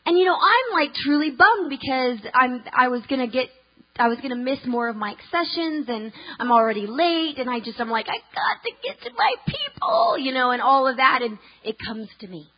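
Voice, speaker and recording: High-voiced woman telling a story in a sermon. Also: normal speed, highs cut off. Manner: chatty, lots of ums and restarts, laughing asides. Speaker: speaker at a church conference.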